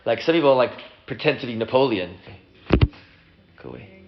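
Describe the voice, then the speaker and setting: A man's voice: brisk, creaky, pauses often, noisy background. A man, a rabbi, casually teaching a class and acting out the people in his story. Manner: animated, acts out characters with big pitch jumps. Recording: dull lo-fi room recording.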